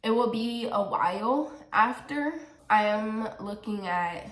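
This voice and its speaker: A woman's voice: on the high side, expressive, slow. Giggly young woman in an echoey room. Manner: giggly and emotional, laughs often. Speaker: vlogger answering viewer questions. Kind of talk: casual Q&A chat. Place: home.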